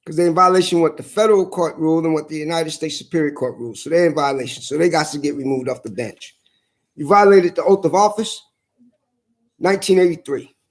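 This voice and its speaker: A man delivering a heated, profane monologue, repeating his points with slow, hammering emphasis. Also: on the high side. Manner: angry, profane, emphatic repetition.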